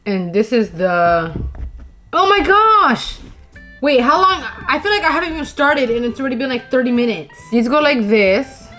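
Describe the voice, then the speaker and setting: A young woman vlogging as she builds something by hand, chatting to herself and her viewers in a casual, animated way. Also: fairly high pitch, a little fast, hardly any pauses, soft background music. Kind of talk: casual chat while crafting.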